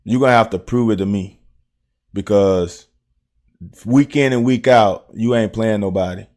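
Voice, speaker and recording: A lowish, slightly mellow voice at a moderate pace belongs to a middle-aged Southern American man who used to play. On his casual live stream he breaks down game film, blunt and profane, speaking directly to his viewers in chat.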